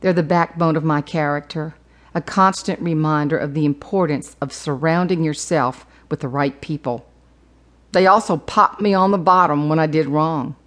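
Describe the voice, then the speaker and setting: A woman's voice: low voice, moderate pace, a bit bright. A woman narrating her own memoir audiobook, humorous with playful emphasis.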